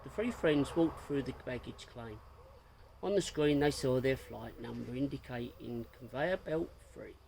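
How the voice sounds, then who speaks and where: A man reads a story aloud in a steady, plain manner. His voice is gravelly, with a light fry. A faint hiss sits behind it. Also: medium pitch, unhurried, poor audio. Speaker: narrator.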